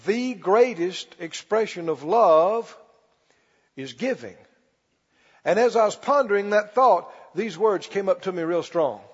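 A man preaching a sermon as pastor, stretching key words slowly and calling for the congregation to respond. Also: sits high, lively intonation, slightly rough. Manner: preaching with call-and-response, slow emphatic stretches. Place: church. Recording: muffled recording in a reverberant church hall.

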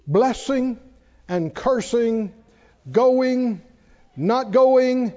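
Male preacher, very high voice, animated sermon delivery, mimics the congregation, long church reverb, dull lo-fi sound. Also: a little slow. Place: church sanctuary.

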